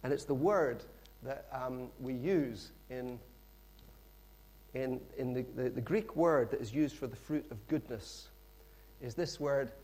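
A middle-aged man preaching a sermon in a lively, conversational storytelling manner with frequent asides. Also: mid-range voice, measured pace.

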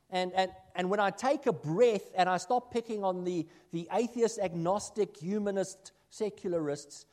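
A man preaching from the pulpit, his voice sitting a touch higher than most men's. He tells self-deprecating stories and moves between lively, louder asides and quiet, confiding remarks. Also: a little slow, hardly any pauses. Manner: self-deprecating storytelling, shifting from loud asides to hushed remarks. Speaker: minister. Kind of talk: sermon with personal anecdotes.

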